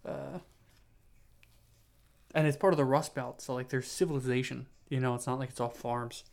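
A young man hosts a solo podcast, tired and yawning, rambling through loose tangents with plenty of fillers and restarts while poking fun at himself. His mid-range voice is gravelly and a little mellow, with fairly even intonation at normal speed.

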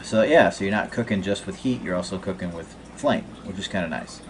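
A man's voice: low-pitched, fairly quick, slight background noise. A man chatting casually on a podcast, laid-back and brief in his replies. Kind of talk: casual chat.

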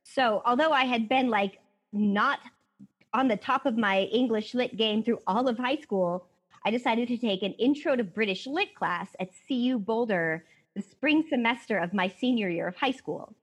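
A woman's voice: on the high side, moderate pace, breathy edge. A woman from Colorado co-hosting a casual book podcast, chatty and self-mocking, swearing freely. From Colorado, USA. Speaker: podcast co-host. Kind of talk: casual book-club chat.

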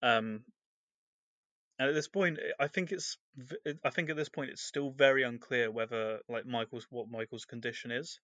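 Give me a male podcast co-host with a bright, sharp voice, casually rambling through a book recap. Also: medium pitch, moderate pace, no room sound. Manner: rambling, filler-heavy recap.

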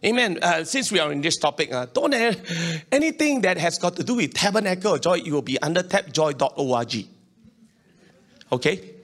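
In a Singaporean English accent, a man preaches as pastor, animated and conversational, asking the congregation to respond. His pitch is a little high and his speed is normal.

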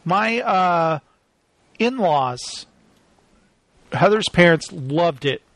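Lively high-voiced laughing man. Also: drawn-out words, no echo. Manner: animated, laughs often, jokey. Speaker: podcast co-host. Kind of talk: casual chat about movie releases.

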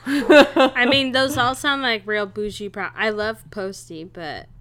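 A woman's voice: a little high, steady tone, a little slow, a bit bright, a little hiss or hum. A young woman co-hosting a casual podcast, reacting with wry jokes and reading out notes. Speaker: podcast co-host. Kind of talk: casual chat.

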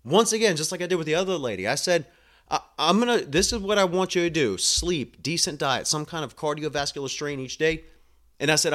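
A man working in home health care telling a work story in a blunt, animated way and acting out the dialogue. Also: a little high, a little fast. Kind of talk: casual storytelling monologue.

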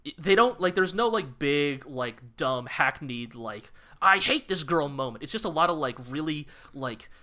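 Podcast guy, fired up, kinda high bright voice, keeps restarting mid-sentence. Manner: animated, impassioned, quick restarts. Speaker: podcast co-host. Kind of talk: casual chat reviewing anime.

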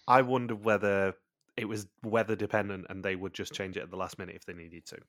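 Man, podcast host, casual recap chat, low voice, dry sound. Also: flat delivery, fast, fairly bright tone, no echo. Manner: chatty, recaps plot points in long runs.

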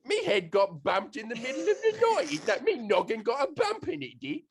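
A befuddled, slangy working-class bloke, put on by a man in a comic bit. The voice sits high and swings wildly up and down. He sounds dim and bumbling. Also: very animated, brisk, creaky, slightly rough, full character voice. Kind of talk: comic improvised impression.

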